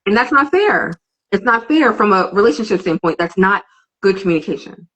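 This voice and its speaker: A woman's voice: medium pitch, expressive, fairly quick, fairly bright tone, dull audio. A woman in a casual podcast debate, earnestly explaining her view through long, step-by-step examples.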